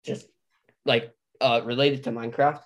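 A young man co-hosting a casual podcast, excitable and quick to jump in. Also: medium pitch. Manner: excitable, interrupting, nostalgic. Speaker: podcast co-host.

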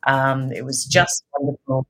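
A woman co-hosting a podcast, telling an animated story in casual chat and laughing easily. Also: extremely low pitch, unhurried, vocal fry. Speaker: podcast co-host.

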